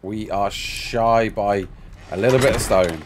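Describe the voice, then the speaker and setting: Sleep-deprived gaming streamer, rambling. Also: male voice, fairly low pitch, a little slow, a little hiss or hum. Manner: chatty, rambling, answers chat questions while playing. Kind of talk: casual live gameplay chat.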